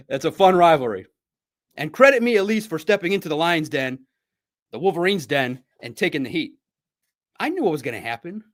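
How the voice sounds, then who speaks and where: Male sports podcast host, casual playful banter and friendly trash talk, fairly high voice with a very lively pitch. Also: brisk. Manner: swings between loud bursts and low asides.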